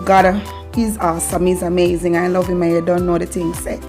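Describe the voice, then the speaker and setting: A woman's voice: on the low side, little pitch movement, fairly quick, darkish tone, faint music behind. A Jamaican woman hosting her channel, teaching patois in a casual way, laughing often and slipping between patois and English. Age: adult parent. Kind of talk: casual patois lesson and devotional talk.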